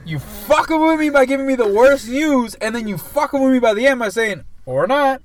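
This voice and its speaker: A man's voice: very high-pitched, fairly quick. A man co-hosting a podcast, talking in a heated, emphatic way and swearing constantly. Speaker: podcast co-host. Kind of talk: casual podcast chat.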